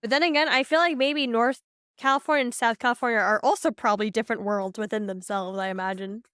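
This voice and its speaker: A woman's voice: a little high, fast, a bit bright, clear, resonant tone, no room sound, clean studio sound. A young adult woman chatting casually while she plays a game, rambling and saying "like" constantly. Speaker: streamer. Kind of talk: casual gameplay commentary. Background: faint game music.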